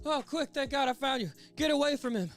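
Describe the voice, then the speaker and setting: A man's voice: very high-pitched, fast talker, a bit bright, faint music behind, voice pushed up. A man voicing a frantic young princess who speaks with breathless urgency.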